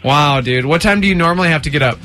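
Guy hosting morning radio in the studio, high bright voice, chatty and laughy, faint music under it. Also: fast. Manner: upbeat, chatty, laughs often. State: sleepy morning voice. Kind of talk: casual morning radio banter. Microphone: studio microphone.

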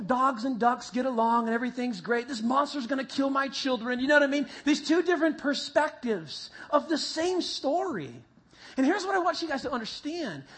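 A man preaching to a group, telling a vivid, animated story that builds toward a Bible lesson. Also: very high voice, husky. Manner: animated storyteller, acts out voices and sounds. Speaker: youth pastor. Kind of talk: sermon with a told story. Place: meeting room with a live group.

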